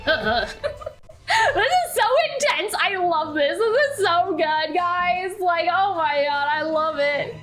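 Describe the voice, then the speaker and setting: A woman's voice: very high-pitched, lively intonation, takes it slowly, a bit bright. A young woman streaming a game, reading the dialogue aloud and breaking into gushing, laughing fan reactions. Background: faint game music.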